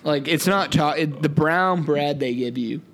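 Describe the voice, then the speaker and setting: A man's voice: fairly high pitch, measured pace, fairly bright tone, a little hiss or hum. A young man co-hosting a casual podcast, talking in a laid-back, joking way with lots of fillers. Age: young adult. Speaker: podcast co-host. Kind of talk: casual chat.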